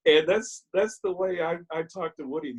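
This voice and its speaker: Husky older man sharing his story. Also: a little high, unhurried, poor audio. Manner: candid, self-mocking storytelling with hesitant ums. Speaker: Al-Anon speaker. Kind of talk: personal recovery share. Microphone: video call.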